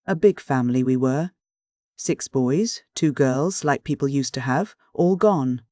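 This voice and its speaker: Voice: medium pitch, a little slow, darkish tone, no room sound, clean studio sound, lightly acted. A reader voicing an elderly Welsh minister with a declaiming, preacher-like delivery. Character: elderly Welsh dissenting minister uncle, searching.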